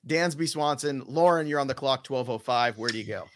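A man's voice: medium pitch, fairly bright tone, no echo, clean studio sound. A man hosting a fantasy baseball draft, casually reading off picks and joking with the panel. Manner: recaps picks in quick lists, joking.

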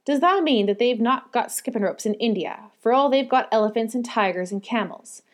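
A woman's voice: fairly high pitch, animated, normal speed, natural voice. A woman voicing a cheerful, chatty young housemaid with a broad Yorkshire accent. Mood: excited. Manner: broad dialect, eager and chatty.

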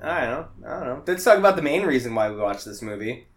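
Animated, giggly man rambling about movies. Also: medium pitch, quick pace. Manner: rambling and giggly, lots of fillers and tangents. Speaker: podcast co-host. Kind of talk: casual movie-review chat.

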